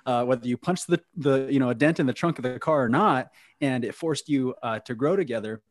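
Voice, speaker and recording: An earnest male host asks his guests long questions in a steady, mid-pitched voice. The recording is dry and close. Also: fairly quick, no room sound. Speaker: podcast host, coach. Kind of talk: interview questions.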